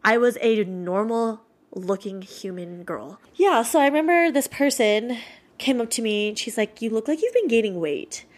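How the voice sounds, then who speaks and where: A woman's voice: fairly high pitch, animated, normal speed. Chatty, swearing woman in her twenties. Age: 20s. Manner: candid, swears freely, many "like" fillers. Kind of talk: casual chat.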